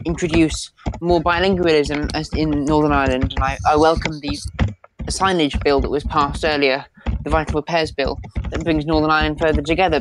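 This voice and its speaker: Hesitant woman panelist with background noise. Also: deep voice. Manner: hesitant, many ums. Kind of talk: political debate answer.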